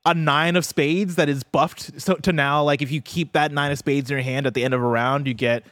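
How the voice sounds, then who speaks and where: A man co-hosting a casual gaming talk show, explaining a game in a rambling, animated way. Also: on the high side, fairly quick, dry recording, clean studio sound. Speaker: podcast co-host. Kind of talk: casual chat.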